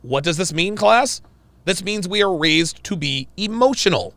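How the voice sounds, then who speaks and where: A man hosting a livestream, telling a story in an animated, emphatic way and repeating his points. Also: high voice, moderate pace, no echo. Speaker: livestream host. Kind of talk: livestream commentary.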